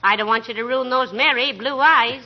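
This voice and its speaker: A woman's voice: fairly high pitch, normal speed, close to an everyday voice. Molly, a woman playing a teasing, patient wife. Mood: affectionate. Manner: gently scolding, dry quips. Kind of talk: 1940s radio comedy acting. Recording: hissy, muffled old radio broadcast.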